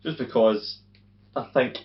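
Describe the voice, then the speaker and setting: A man's voice: mid-range voice, measured pace. A Scottish man co-hosting a podcast, chatting with cheeky, laughing banter. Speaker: podcast co-host. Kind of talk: casual chat. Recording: muffled lo-fi with faint hum.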